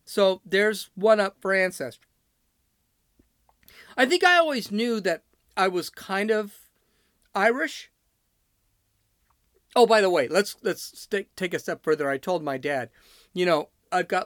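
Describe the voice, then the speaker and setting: A man's voice: high voice, lively intonation, measured pace, pauses often, a bit bright, dry recording, studio quality. A man from Chicago hosting his podcast, talking in a blunt, rambling, off-the-cuff monologue. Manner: blunt, ranting and digressive. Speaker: podcast host.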